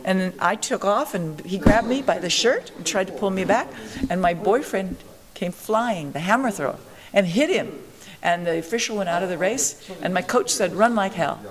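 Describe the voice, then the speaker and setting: A woman's voice: mid-range voice, lively intonation, normal speed, few pauses, crowd noise. An older woman in an interview, telling her story with animation and acting out the voices of the people she quotes. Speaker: interviewee, marathon pioneer.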